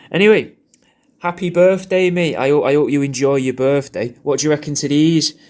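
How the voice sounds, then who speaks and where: Male comic, crude rambling birthday shout-out, average pitch. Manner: rambling, crude, jokey, repeats himself. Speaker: comedian recording a personalised video message.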